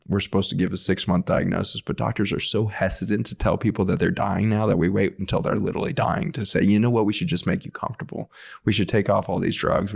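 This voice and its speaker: A man with a low, gravelly voice tells a long story in the middle of a conversation. He is earnest and animated, and he acts out the quoted lines of the people in it. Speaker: doctor guest.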